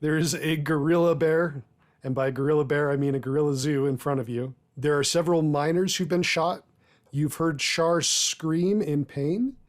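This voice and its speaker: A man narrating as game master of a tabletop game, measured and deliberate, with filler pauses. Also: on the high side.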